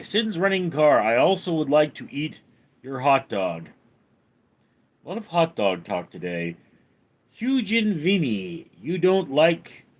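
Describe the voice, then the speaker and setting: A man hosting a home livestream, reading viewer comments and answering in a dry, deadpan way. He talks slowly, and his pitch rises and falls a lot from line to line. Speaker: livestream host. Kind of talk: reading live chat aloud.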